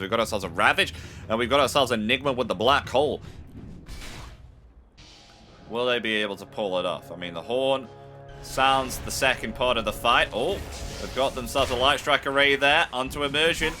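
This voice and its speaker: A man casting a live esports match play-by-play, building from steady calls to shouted excitement at the big plays. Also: medium pitch. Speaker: esports caster. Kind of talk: live game play-by-play commentary.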